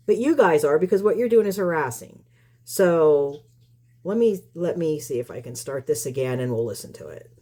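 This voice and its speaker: Woman commentator with a deep voice, heated and rambling. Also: animated, normal speed, warm tone. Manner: combative, rambling with restarts. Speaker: YouTube commentator. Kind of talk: casual commentary.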